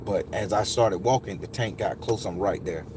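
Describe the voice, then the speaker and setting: A man's voice: sits low, moderate pace, noisy background. Candid man telling a personal story. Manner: candid, profane, addresses viewers directly. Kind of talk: emotional first-person storytelling.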